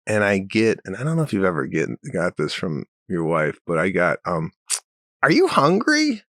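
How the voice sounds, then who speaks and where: Podcast co-host, middle-aged man, low voice, dry close sound, storyteller who builds into rants. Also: a little fast, no room sound. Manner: animated storytelling, rants with rising pitch. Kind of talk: casual chat.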